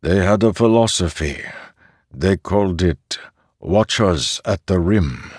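A man voicing a calm farmer who oversees soldiers in an audiobook; the voice is kindly and soft, and he speaks slowly and reassuringly. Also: sits low, no echo, clean studio sound, full character voice. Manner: slow, measured and reassuring. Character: calm middle-aged male farmer overseer, kindly but firm.

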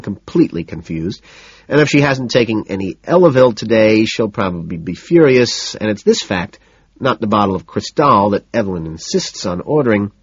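Deadpan husky male audiobook narrator. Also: lowish voice, no room sound. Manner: deadpan, matter-of-fact. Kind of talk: first-person audiobook narration. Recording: dull lo-fi recording.

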